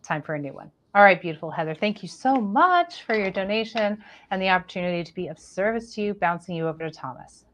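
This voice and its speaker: Female psychic reader, calm and reassuring, gentle repetitive delivery. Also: mid-range voice, fast talker, hardly any pauses, a little hiss or hum. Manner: soothing, reassuring, repetitive phrasing. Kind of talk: live spiritual reading.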